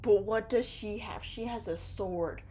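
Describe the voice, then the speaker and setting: A young woman reading an interactive story game aloud and reacting to it excitably, often yelling and laughing. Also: mid-range voice, measured pace, breathy edge. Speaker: game streamer.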